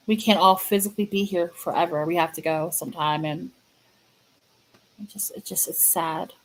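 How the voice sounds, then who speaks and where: A woman hosting her own fan channel, chatting casually and sadly to viewers, halting and repeating herself with many fillers. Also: on the low side, steady tone, rough recording. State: sad, grieving. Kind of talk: casual livestream chat to viewers.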